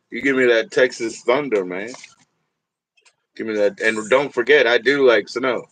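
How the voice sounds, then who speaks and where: A man's voice: medium pitch, a bit bright, dry recording. A man hosting a livestream in casual chat, rambling and profane, laughing often and talking straight to his viewers. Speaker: livestream host.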